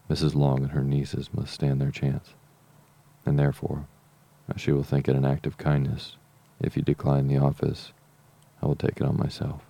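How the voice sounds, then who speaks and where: Mr. Bennet, a dry teasing gentleman, read by a deep-voiced man. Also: vocal fry, full character voice. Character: dry, teasing middle-aged country gentleman. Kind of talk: audiobook reading.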